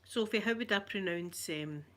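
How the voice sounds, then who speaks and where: An older Scottish woman chatting softly and affectionately in an ASMR vlog, rambling along and greeting viewers by name. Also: medium pitch, normal speed. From Scotland. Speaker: ASMR vlogger.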